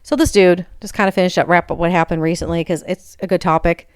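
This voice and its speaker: A woman's voice: lowish voice, fairly even intonation, fast talker, clean tone, no room sound, studio quality. Candid woman venting on her podcast. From Michigan, USA. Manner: candid, frustrated, confessional. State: emotionally raw. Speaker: podcast host. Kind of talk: casual personal monologue.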